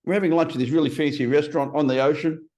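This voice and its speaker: A man in his fifties, a podcast guest telling stories in a blunt, profane, animated way. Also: on the high side, very fast. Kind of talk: casual interview storytelling.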